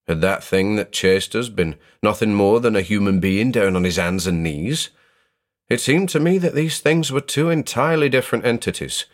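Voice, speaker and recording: Young male narrator with a deep, low voice for a measured, suspenseful horror reading. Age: young adult.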